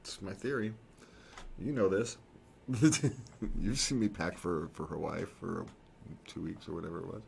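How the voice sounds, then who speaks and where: A man's voice: sits low, fairly even intonation, moderate pace, creaky, a little hiss or hum. A man co-hosting a casual talk show, rambling and correcting himself, chuckling often. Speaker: podcast co-host. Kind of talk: casual chat.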